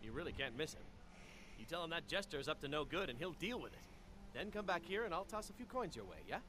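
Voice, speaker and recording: Casual: grumpy farmer, kinda high, bouncy delivery, noise in the back. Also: male voice, big pitch swings, fast, pushed and bright. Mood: pleased. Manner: gruff, exasperated, rural drawl. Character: grumpy male farmer, fed up and suspicious.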